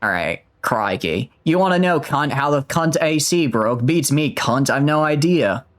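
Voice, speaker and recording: A man's voice: medium pitch, lively intonation, a little slow, close to an everyday voice. Man doing a brash swearing Australian cafe owner. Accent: Australian, as put on. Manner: swears constantly, brash and drawling. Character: crude, laid-back male cafe owner with an Australian accent.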